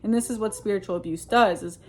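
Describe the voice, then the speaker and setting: A woman's voice: mid-range voice, fast, slight background noise. A woman telling a personal story in a casual monologue. She rambles earnestly, with many fillers and restarts, and uses religious Christian phrasing. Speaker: vlogger recounting personal experiences.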